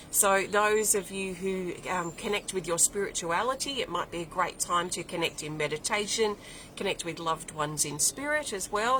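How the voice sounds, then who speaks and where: Woman card reader, lower voice, flowing and repetitive delivery, faint room noise. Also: pushed and bright, rough recording. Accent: non-American English accent. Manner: flowing, repeats and lists words, thinks aloud. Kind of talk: weekly spiritual card reading.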